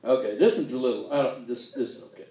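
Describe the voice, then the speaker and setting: A man's voice: medium pitch, fast, a little mellow. A man telling folksy jokes in a stand-up style, laughing at his own punchlines. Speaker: comedian. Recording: echoey room, distant mic.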